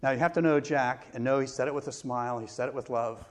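A middle-aged male pastor preaching a sermon, telling a personal story with pauses and self-deprecating laughs. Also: mid-range voice, fairly even intonation.

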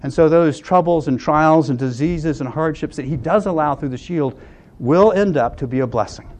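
An older man preaching a sermon, earnest, often dropping to a hush on key lines. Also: fairly high pitch, normal speed. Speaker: pastor.

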